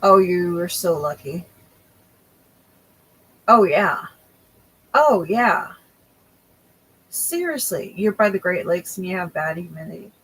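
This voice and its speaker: A woman's voice: fairly low pitch, animated, normal speed, hardly any pauses, fairly bright tone, poor audio. A young woman hosting a crochet livestream, chatting casually with viewers and often losing her train of thought.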